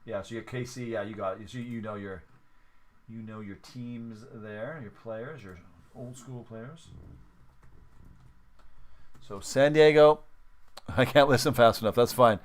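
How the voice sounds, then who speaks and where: Hosting a sports card break livestream, a medium-pitched man speaks unhurriedly, leaving long pauses. He stays chatty, counts each step out loud, and corrects himself with apologies for his mistakes.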